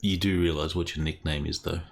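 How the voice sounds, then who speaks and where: A man running a tabletop game as game master, talking haltingly with frequent ums. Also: sits low, steady tone, gravelly. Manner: halting, pauses with ums while narrating.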